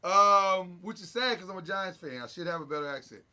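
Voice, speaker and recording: A man hosting a casual sports talk show, recapping games in an animated, joking way with sound effects. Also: high-pitched, a little fast, slight background noise.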